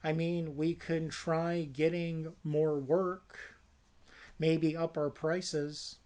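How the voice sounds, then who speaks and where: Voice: medium pitch, flat delivery, drawn-out words, a little mellow. A storyteller voicing a desperate adult brother who pushes a risky plan, talking in a pushy, persuasive way. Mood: scheming. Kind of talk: casual spoken movie pitch.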